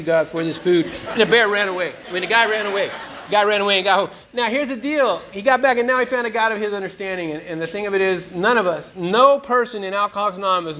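On a low-quality recording, a man with a high, pushed, bright voice gives a personal recovery share at a meeting. He's casual and earnest, and he jokes along the way.

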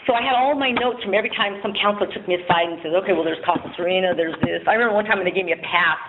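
A woman's voice: medium pitch, rapid-fire. Woman telling her story at a meeting, laughs a lot, swears casually, sounds like it's coming through a phone. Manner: frank, self-mocking, laughs often, swears casually. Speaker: speaker sharing at a recovery meeting. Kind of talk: candid personal testimony. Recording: tinny phone-like audio with faint noise.

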